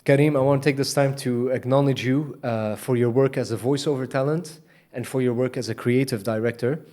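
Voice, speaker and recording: A man's voice: medium pitch, fairly even intonation, a little fast, a little mellow. A man hosting an interview podcast, asking questions and giving short affirming replies. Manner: brief, affirming back-channels. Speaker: podcast host.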